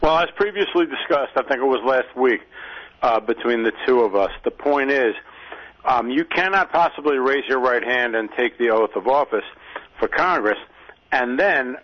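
Radio co-host guy, calm and deliberate, leans on words, muffled radio sound. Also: mid-range voice. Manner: measured, deliberate, stresses key words. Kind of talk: political talk radio chat.

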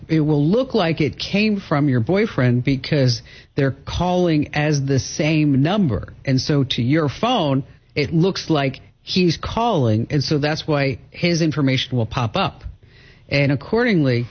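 A chatty man hosting a call-in radio show, laughing easily between tips and ad reads. His voice sits a little high and comes through husky. The sound is dull, like broadcast audio. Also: unhurried.

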